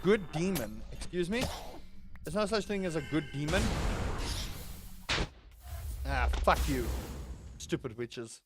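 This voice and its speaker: A young man giving let's play commentary, excitable, yelling and swearing at enemies as he plays. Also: on the high side, takes it slowly, pauses often, music in the background. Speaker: gaming channel host.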